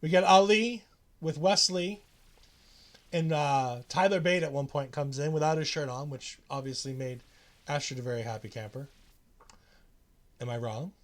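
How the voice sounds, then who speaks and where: A man's voice: fairly high pitch, moderate pace, pauses often. A man co-hosting a wrestling podcast, chatting casually and acting out quotes with lots of restarts. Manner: animated, acts out quotes, many restarts. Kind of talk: casual chat recapping a show.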